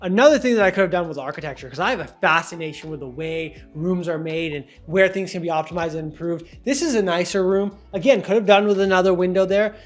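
A young man with a high voice gives a casual, joking tour of his new house for his vlog. He talks fast with few pauses, chatty and poking fun at himself.

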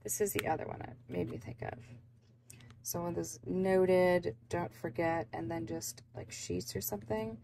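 A woman's voice: lowish voice, fairly even intonation, normal speed, gravelly. A young woman chatting casually and rambling with lots of fillers as she unboxes planner supplies at her desk at home. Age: young adult. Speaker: planner vlogger. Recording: noisy background.

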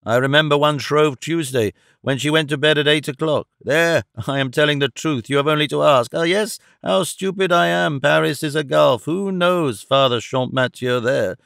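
A man voicing a rough old vagrant prisoner. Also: fairly high pitch, normal speed, few pauses, a bit bright, no echo, studio quality. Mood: pleading. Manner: blunt, rambling protest. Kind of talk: audiobook character reading.

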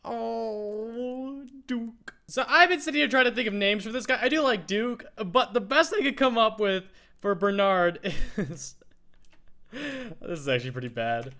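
A man hosting a casual Minecraft let's play, chatting excitedly as he plays and talking to the animals he finds. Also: high voice, moderate pace. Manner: excitable, talks to in-game animals. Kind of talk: casual gameplay commentary.

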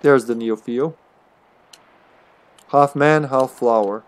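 A man's voice: mid-range voice, slow pace, clear, resonant tone, no echo. A man streaming a game, chatting casually as he plays, swearing freely and thinking aloud. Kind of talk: casual gameplay commentary.

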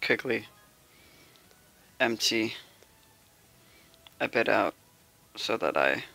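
Young excitable gamer, bright gravelly tone, slow lively delivery, casual pull commentary. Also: medium pitch, soft background music. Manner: excitable, pleading calls and squeals. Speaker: gameplay streamer. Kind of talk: casual gacha gameplay commentary.

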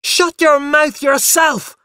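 A man's voice: huge pitch swings, a little fast, no room sound, studio quality. A man doing a shrieking furious little boy. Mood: shrill defiant. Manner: shrill, screaming defiance. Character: small boy, stubborn and furious.

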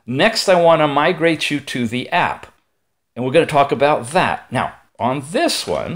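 A man giving a chatty hands-on product review, with playful asides and quick digressions. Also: medium pitch. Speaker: tech reviewer.

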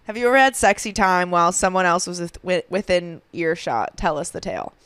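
Woman, podcast co-host, blunt, crude humor, smooth clear voice, dry close sound. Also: on the low side, animated, a little fast, a bit bright, dry recording. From Boston, USA. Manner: blunt, crude, laughs often. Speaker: podcast co-host, stand-up comedian. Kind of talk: casual chat.

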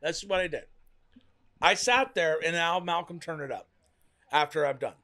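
Chatty high-voiced man talking fast. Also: creaky, bright, forceful tone. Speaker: co-host. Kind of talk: casual reaction chat.

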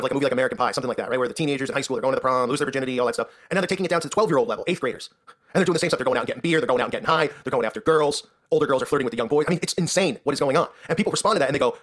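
Male commentary host, husky, very fast, indignant sarcastic rant. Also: fairly high pitch, fairly bright tone. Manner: indignant, sarcastic, repeats "right?". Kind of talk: ranting commentary.

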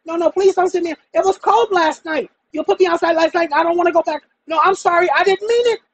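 A man putting on a high squeaky falsetto for a cowering sidekick who mocks and begs. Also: fast, poor audio. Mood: pleading. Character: squeaky cowering sidekick voice, mocking then begging.

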